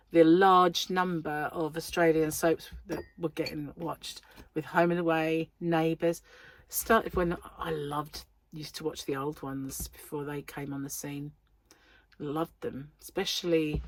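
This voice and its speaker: A woman's voice: deep voice, no echo. An English woman chatting casually on her crochet vlog, rambling along with lots of ums, her throat still a little sore. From England. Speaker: crochet vlogger. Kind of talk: casual chat.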